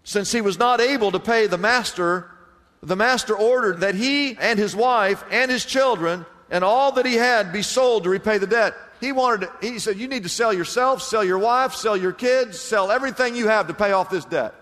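A man preaching a sermon as pastor, swinging between loud emphatic bursts and hushed, low passages. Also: normal speed, in a large hall.

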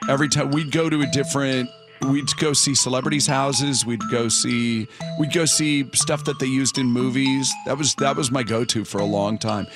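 A man's voice: mid-range voice, fairly even intonation, normal speed, music in the background. A man hosting a morning radio show, chatting casually and rambling with repeated words.

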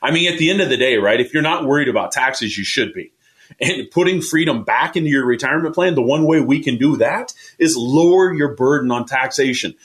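A man's voice: mid-range voice, expressive, a little fast, a bit bright. A man hosting a weekend radio finance show, talking with passion and pushing listeners to call in. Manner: passionate, pushy, repeats phone number. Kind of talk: energetic sales talk on radio.

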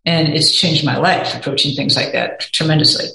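A woman's voice: sits low, steady tone, normal speed, bright, forceful tone. Middle-aged woman guest, candid and rambling, recorded in a roomy echo. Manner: rambling, candid, peppered with 'you know'. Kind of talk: casual interview chat. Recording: echoey room.

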